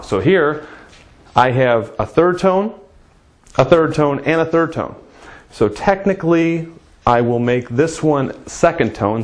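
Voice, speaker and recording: A man teaching a casual spoken language lesson, patiently repeating phrases slowly for learners to copy. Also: mid-range voice.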